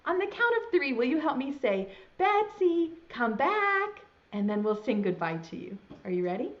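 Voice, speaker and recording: A woman's voice: medium pitch, big pitch swings, brisk. A woman teaching preschool online, reading a storybook aloud in a sing-song voice and talking straight to young children. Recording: dull lo-fi sound.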